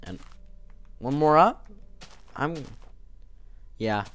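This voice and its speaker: A man's voice: on the high side, big pitch swings, extremely slow, fairly bright tone, slight background noise. A young man giving casual, rambling commentary while playing a game, talking to himself and the game, his voice cracking often. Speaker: gameplay video host. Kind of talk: casual let's-play commentary.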